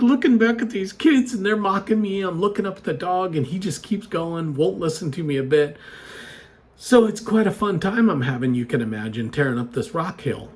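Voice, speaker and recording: A man with a slightly raised voice telling a personal story straight to the listener. He talks casually and chattily, with an animated, conversational way of retelling events and frequent asides to his audience. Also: sits high, moderate pace.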